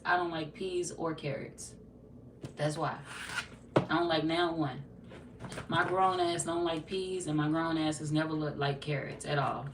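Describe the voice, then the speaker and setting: Profane, laughing young woman livestreaming. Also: low-pitched. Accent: St. Louis. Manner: loose, profane, joking, laughs often. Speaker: tarot livestream host. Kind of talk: casual livestream chat with viewers. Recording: roomy, distant from the mic, light noise.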